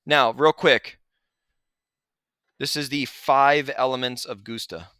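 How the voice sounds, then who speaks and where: Male teacher, casual lesson voice-over, crisp, bright, dry sound. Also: medium pitch, slow, no room sound. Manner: relaxed, chatty explaining with asides. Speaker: Spanish teacher. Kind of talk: recorded lesson over slides.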